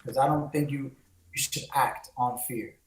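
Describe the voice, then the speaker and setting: This co-host hails from the Bronx, New York, and gets impassioned and preachy on a candid podcast, sprinkling in Spanish phrases. He speaks at normal speed with a medium pitch and steady tone, and the recording has a roomy echo.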